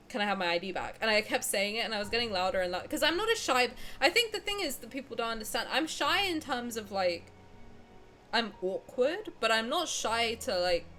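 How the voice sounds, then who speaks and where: A woman's voice: medium pitch, a bit bright. A young woman streamer casually telling a long personal story, rambling with lots of fillers and restarts. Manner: rambling, filler-heavy, restarts mid-sentence.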